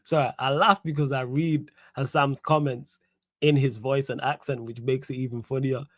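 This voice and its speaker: A man's voice: mid-range voice, fairly even intonation, moderate pace, no echo. Young male host, casual slangy football talk, dry close mic. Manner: casual, slangy, laughs and riffs while reading comments. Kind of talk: solo football Q&A livestream.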